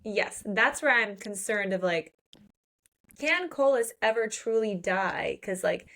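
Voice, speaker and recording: A woman with a gravelly, creaky voice co-hosting a book podcast. She chats casually and is quick with blunt, playfully crude jokes. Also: medium pitch, lively intonation, fairly bright tone. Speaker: podcast co-host.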